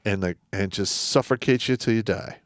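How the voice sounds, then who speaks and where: A man's voice: on the low side, normal speed, dry recording, clean studio sound. A man hosting a casual talk show, blunt and profane, telling stories with plenty of swearing. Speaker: podcast host, veteran. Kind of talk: casual chat.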